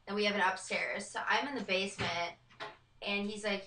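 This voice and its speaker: A woman's voice: medium pitch, fairly even intonation, brisk, pushed and bright, recorded from a distance. Young woman, casual chat, filler-heavy storytelling, roomy echo. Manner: chatty storyteller with lots of likes and ums. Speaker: guest.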